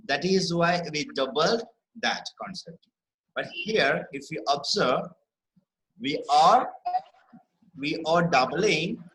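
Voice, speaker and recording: A man teaching a spelling lesson, explaining patiently, repeating words slowly and asking "right?" to check understanding. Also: fairly high pitch, fairly bright tone, low-quality recording. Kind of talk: online classroom lesson.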